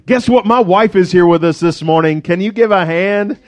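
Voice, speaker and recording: A man's voice: high voice, normal speed. A middle-aged man preaching a sermon as pastor, conversational and joking, acting out the voices in the story he tells.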